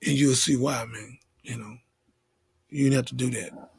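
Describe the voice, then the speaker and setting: A man, a minister and guest, speaking in a low, held-back voice as he tries to keep calm. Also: moderate pace, no room sound. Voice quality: gravelly, husky. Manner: holding himself back, speaking low and tense. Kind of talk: interview conversation.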